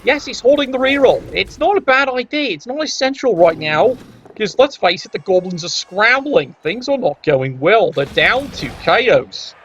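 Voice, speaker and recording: A man's voice: high voice, expressive, moderate pace, a bit bright, a little hiss or hum. A man doing wry, sarcastic play-by-play commentary on a tabletop sports video game. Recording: dull lo-fi audio.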